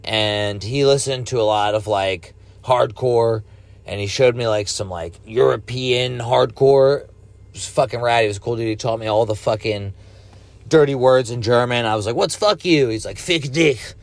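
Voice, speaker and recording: A man's voice: mid-range voice, steady tone, moderate pace, no echo. A man in his thirties hosting a podcast alone, rambling casually and swearing freely. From United States. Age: 30s. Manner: rambling, profane, laid-back. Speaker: podcast host. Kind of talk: casual solo podcast monologue.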